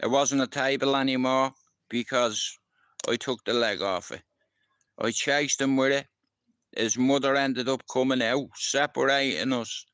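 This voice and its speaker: A man's voice: mid-range voice, fairly bright tone, smooth, no room sound. A middle-aged Irish man telling rambling stories from his past in casual talk, swearing freely and often checking that the listener understands. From Ireland. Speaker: livestream host. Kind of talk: casual storytelling.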